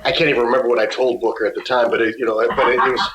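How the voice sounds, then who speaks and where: A man's voice: mid-range voice, steady tone, racing, echoey room, noisy background. A man guesting on an interview, telling stories in a casual way and acting out the other people's lines. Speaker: musician guest.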